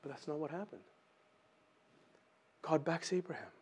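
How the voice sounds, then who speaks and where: A man preaching a sermon, animated and acting out voices in his Bible stories. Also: fairly high pitch, moderate pace, husky.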